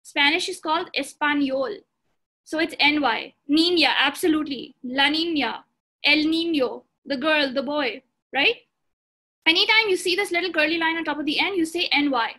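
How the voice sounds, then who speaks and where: A woman's voice: high-pitched, moderate pace, bright, forceful tone. A woman teaching a beginner language lesson, patient, repeating points and checking that students follow. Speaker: language instructor.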